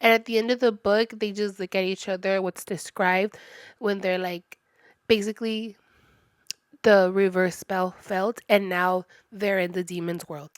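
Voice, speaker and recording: A woman's voice: mid-range voice, flat delivery, unhurried, clean tone, no room sound. A woman in her thirties chatting casually through a book review, retelling the story with lots of "like" fillers. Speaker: book reviewer, channel host.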